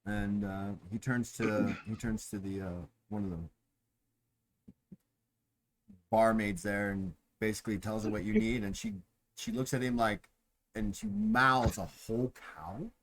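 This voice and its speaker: A man's voice: on the low side, animated, slow, long pauses, a bit bright, low-quality recording. Chuckling male game master. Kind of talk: narrating a tabletop game.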